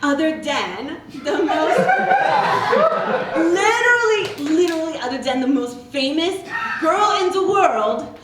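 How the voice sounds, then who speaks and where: A woman's voice: high voice, big pitch swings, unhurried, recorded from a distance, background noise. Woman doing a rambling, bragging oddball lady. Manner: rambling, repetitive, tacks on "okay?". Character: oddball self-absorbed woman retail worker, rambling braggart. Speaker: stand-up character comedian. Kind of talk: live character stand-up monologue. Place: stage before a live audience. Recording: roomy live stage sound from afar with audience.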